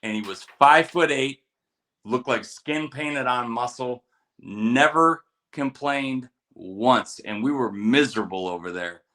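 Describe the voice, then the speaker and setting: A middle-aged man co-hosts a casual veteran podcast, his voice bright and forceful. He tells war stories and breaks down fights with plenty of cursing, acting out the quotes with energy. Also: mid-range voice, unhurried. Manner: storytelling, profane, animated quotes. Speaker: podcast co-host, military veteran. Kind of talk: casual chat with fight picks.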